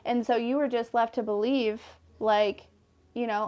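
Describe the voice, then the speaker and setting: A woman's voice: on the high side, fairly even intonation, measured pace, darkish tone. A woman in her thirties giving a casual tarot card reading, chatty and rambling with lots of fillers. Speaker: tarot reader.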